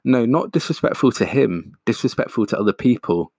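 A man's voice: medium pitch, expressive, fairly quick, darkish tone, no room sound, clean studio sound, pitched above the performer's own voice. A man voicing an anxious young woman who talks in an earnest, cautioning way.

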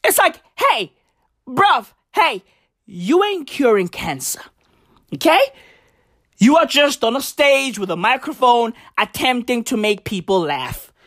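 A woman's voice: on the high side, very animated, takes it slowly, a bit bright. A woman comedian delivering a profane, emphatic stand-up rant, hammering her points with repetition.

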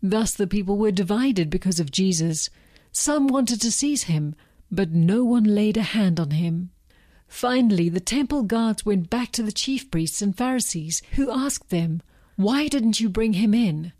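A woman reading Bible passages aloud in a measured, scripted way. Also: mid-range voice, expressive, dark tone, no room sound. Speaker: scripture reader.

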